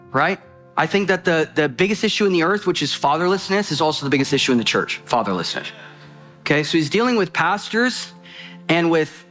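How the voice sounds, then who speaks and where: Male preacher, high voice, impassioned, quick bursts, faint music behind. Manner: impassioned, swings between loud urgency and low intensity. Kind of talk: sermon.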